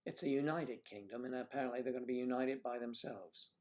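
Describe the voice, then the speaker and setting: A man's voice: medium pitch, fairly quick, darkish tone. A man hosting a casual livestream, chatting and telling rambling stories. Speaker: livestream host.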